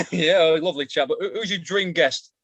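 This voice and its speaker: A man's voice: fairly high pitch, normal speed, a bit bright, husky, dry recording. A man interviewing two podcast hosts in a casual chat.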